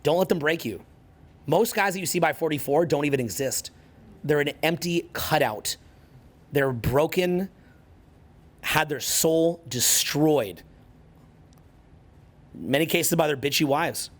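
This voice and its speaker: A man's voice: a little high, unhurried, long pauses. Fired-up, swearing man in his forties. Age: 40s. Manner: profane, intense and emphatic, hammering points through repetition. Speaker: social skills coach. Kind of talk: motivational talk to an audience.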